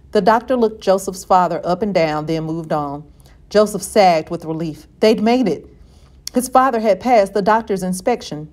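A woman reading a novel aloud in a steady, measured way. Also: on the low side. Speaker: reader.

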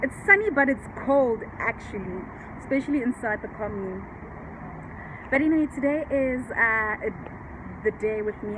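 Upbeat woman vlogging outside, high-ish voice, street noise, nose a little blocked, rambly. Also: lively intonation, moderate pace. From South Africa. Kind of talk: casual vlog talk to camera. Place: outdoors on a sunny cold day. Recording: outdoor noise behind.

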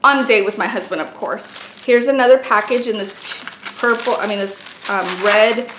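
A woman with a fairly high voice gushes over each item she unboxes in a casual vlog. She exclaims often and chats freely to the camera. The room is echoey, with a faint hiss in the background. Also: moderate pace. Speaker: beauty and craft vlogger.

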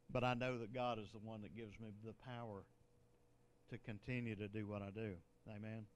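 A man's voice: fairly low pitch, little pitch movement, a little slow, pauses often. An older man, a bishop, preaching a sermon in a conversational way, with joking asides and laughter.

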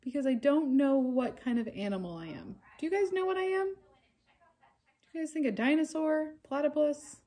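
Shy young puppet creature, played by a woman, high, lively voice for a kids' lesson. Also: moderate pace. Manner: timid, eager to make friends, squealing when scared.

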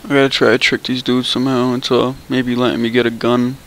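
A man's voice: medium pitch, level tone, fairly quick, a bit bright, poor audio. Young male gamer, casual commentary with mild cursing, faint hiss behind. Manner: loose, swearing, thinking aloud. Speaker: gameplay video creator.

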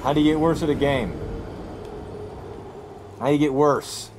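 A young man giving casual let's-play commentary, excitable and talking to himself as he yells at the game. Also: fairly high pitch, moderate pace, background noise. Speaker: gameplay commentator.

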